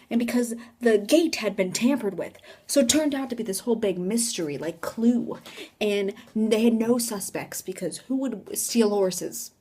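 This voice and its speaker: A young woman vlogging on a phone mic, telling a story in an animated, dramatic way. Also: fairly high pitch, husky. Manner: animated, dramatic, drops into whispers for effect. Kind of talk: casual storytime.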